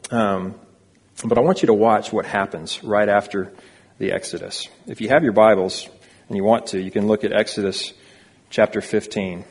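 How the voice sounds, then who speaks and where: A man's voice: lowish voice, fairly even intonation, normal speed, husky, long reverb tail. A man preaching a sermon as a pastor, reading scripture aloud and explaining it earnestly in a church sanctuary.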